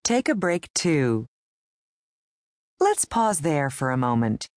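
A woman with a low but lively voice leads a language lesson in scripted narration. She speaks clearly and patiently, guiding the learner step by step. The recording is dry and close. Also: slow, no echo.

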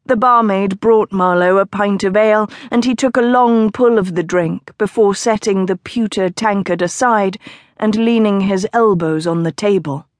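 A woman narrating a historical romance audiobook in a measured storytelling delivery. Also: medium pitch, no echo, clean studio sound. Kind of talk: scripted narration.

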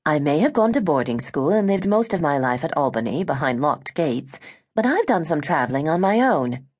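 A woman's voice: deep voice, big pitch swings, moderate pace, a little mellow, slightly rough, heavily acted. A woman voicing a sheltered, earnest young British woman in an audiobook.

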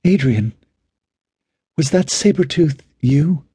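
A man's voice: a little high, animated, slow, dark tone, breathy edge, dry recording, studio quality, pitched above the performer's own voice, heavily acted. A man voicing a tired young woman shaken by nightmares, talking with weary exasperation.

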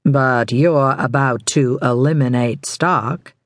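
A woman voicing a smug, controlling older male criminal mentor, speaking slowly and with measured self-satisfaction in an audiobook. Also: rumbling low, no echo.

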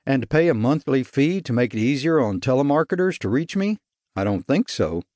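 A gruff, curt tough guy with a growl in his voice, as a male audiobook narrator puts him on. The voice sits in an even middle register and the recording is bone-dry and close. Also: medium pitch, moderate pace, no room sound, lightly acted. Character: gruff tough middle-aged man, short-tempered. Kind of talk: audiobook character voice.

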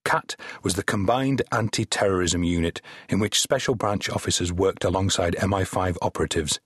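A man narrating a crime novel in a wry, measured storytelling manner. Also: sits low, slightly rough, dry recording, clean studio sound. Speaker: audiobook narrator. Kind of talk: scripted narration.

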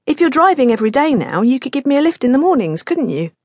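A woman's voice: high voice, big pitch swings, quick pace, a little mellow, no echo, pitched above the performer's own voice. A woman narrator voicing a sly teenage daughter with a light, breezy voice in an audiobook.

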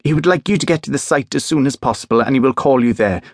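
A man voices an eager, gushing young female dispatcher at a quick pace and medium pitch, set above his own voice yet close to an everyday one. The recording is dry and studio quality.

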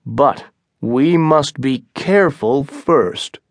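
A man's voice: mid-range voice, lively intonation, slow, no room sound, studio quality. A man reading a stern, blunt colony leader. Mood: firm. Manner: firm and blunt. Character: stern, commanding male English colony leader. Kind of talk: audiobook character reading.

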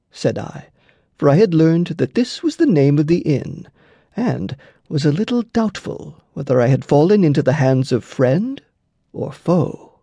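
A man narrating an audiobook story in an unhurried storytelling manner. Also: on the high side, gravelly, dark tone, breathy edge, dry recording, clean studio sound. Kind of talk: scripted narration.

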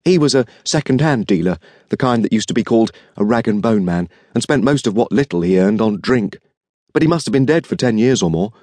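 A man's voice: lowish voice, expressive, fairly quick, darkish tone, no echo, studio quality, natural voice. A male audiobook narrator voicing a polite, refined young dandy who works in an art shop, speaking eagerly and deferentially. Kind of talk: audiobook character reading.

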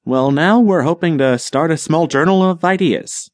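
A man's voice: fairly high pitch, normal speed, dry recording, studio quality, voice pushed up, natural voice. A man voicing a grandiloquent, professorial older colony leader who talks in a rhetorical, dramatic way.

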